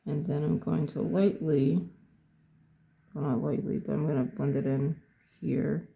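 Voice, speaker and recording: A painting instructor narrating a tutorial in an unhurried way, thinking aloud step by step as they work. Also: medium pitch, fairly even intonation, gravelly, highs cut off.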